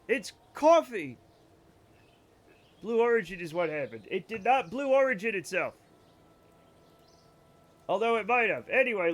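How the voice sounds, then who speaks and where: A young man streaming a space flight game, chatting with his viewers, swearing freely and ranting in mock anger. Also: high voice. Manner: animated, answers chat, swears freely, mock-angry rants. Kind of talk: casual live-stream commentary.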